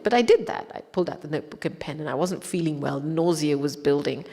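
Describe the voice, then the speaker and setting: A woman giving a spiritual talk, recalling a personal story in a reflective, gentle way. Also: sits low, animated, fast, hardly any pauses, big-room sound. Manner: reflective, gentle anecdotal telling. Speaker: spiritual speaker.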